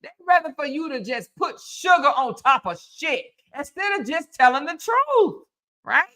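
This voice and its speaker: A woman's voice: high-pitched, sing-song, moderate pace, sharp tone. A woman hosting casual gossip commentary, mocking and emphatic, repeating her points. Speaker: commentary host.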